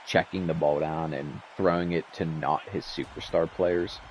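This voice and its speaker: A young man with a very low, deep voice talks loosely over his football game, rambling and cursing when the plays frustrate him. A faint hiss of noise sits under his voice. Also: fairly even intonation, moderate pace, darkish tone. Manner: rambling, frustrated, swears freely. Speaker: league commissioner playing a football game. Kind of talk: casual gameplay commentary.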